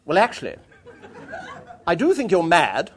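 A man voicing a brisk, commanding middle-aged countrywoman who bellows orders. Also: high voice, wildly swooping pitch, background noise, pitched above the performer's own voice, heavily acted. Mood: brisk, bossy. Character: bossy, booming middle-aged English countrywoman.

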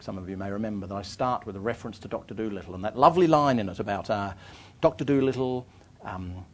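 A middle-aged man, an author telling a story to an audience. He rambles and restarts and makes fun of himself. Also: lowish voice. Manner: rambling, self-deprecating, frequent restarts. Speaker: author giving a talk.

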